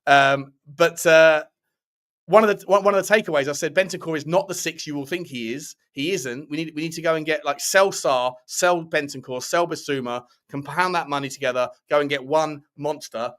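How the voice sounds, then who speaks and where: A man hosting a live football chat show, talking in a loose, rambling way with lots of restarts. His voice sits a little high for a man, and he answers viewers with firm opinions. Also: normal speed, a bit bright. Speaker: football channel host reading live chat. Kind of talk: casual live-stream chat.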